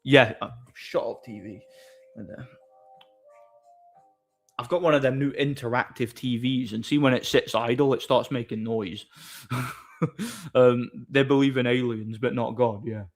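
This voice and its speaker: A man's voice: medium pitch, fairly even intonation, unhurried, pauses often, soft background music. A young man chatting casually on his livestream, telling rambling door-work stories and laughing at them. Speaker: streamer and bar doorman.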